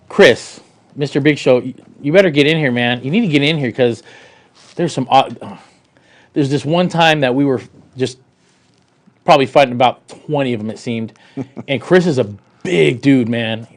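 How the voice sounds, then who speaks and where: A man hosting a podcast, easygoing and prompting his guest with short questions. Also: medium pitch. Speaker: podcast host. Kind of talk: casual interview questions.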